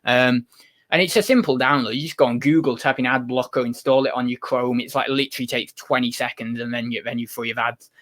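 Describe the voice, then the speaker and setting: A man's voice: medium pitch, fairly even intonation, fairly quick, a bit bright. A man hosting a casual livestream, chatting loosely and reading viewer comments, rambling with many fillers and restarts. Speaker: livestream host.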